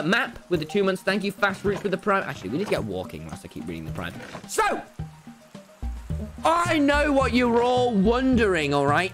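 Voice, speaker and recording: A young man streaming a game live, talking loudly and excitably to his chat in a brash, boastful way. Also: sits high. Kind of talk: livestream gaming commentary.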